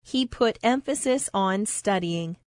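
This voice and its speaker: A woman reads example sentences aloud for a language lesson. Her delivery is slow, even and deliberate, at a middle pitch. The recording is dry and close, with no room sound. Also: no echo.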